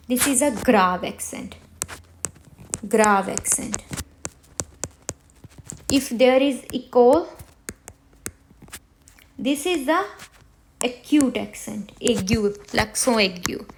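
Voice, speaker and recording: Slow, patient woman teaching beginners. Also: on the high side, a little hiss or hum. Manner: slow, repeats words for students to hear. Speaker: French teacher. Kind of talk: beginner language lesson.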